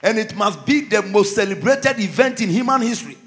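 A man preaching a fervent Christmas sermon in a church. His voice sits high and swings widely in pitch, dropping low for quiet lines and leaping up into ringing shouts. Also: animated, fairly quick. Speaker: pastor.

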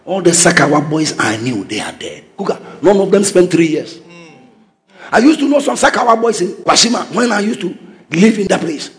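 A man with a Ghanaian English accent preaches a sermon in a notably high voice. He delivers fervent declarations that climb into shouts and drives each point home to his congregation.

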